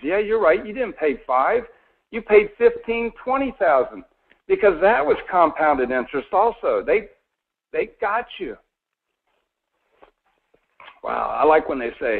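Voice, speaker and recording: A man's voice: on the high side, lively intonation, moderate pace, vocal fry. Persuasive middle-aged man on a phone line. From Florida. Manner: folksy, persuasive, asks the listener questions. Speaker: mortgage presenter. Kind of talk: sales presentation on a call. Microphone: phone or conference call line. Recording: tinny phone-line audio.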